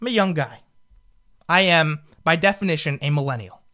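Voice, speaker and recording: A man's voice: on the high side, expressive, moderate pace, sharp tone. A man in his twenties, a political commentator, delivering a fired-up, indignant opinion rant full of rhetorical questions. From United States. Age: 20s.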